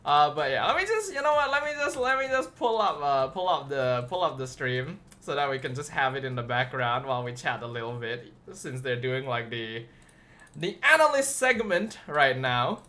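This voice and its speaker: A man's voice: mid-range voice, normal speed. Tired, rambling young male streamer. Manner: rambling, relaxed, many fillers and restarts. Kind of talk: casual livestream chat.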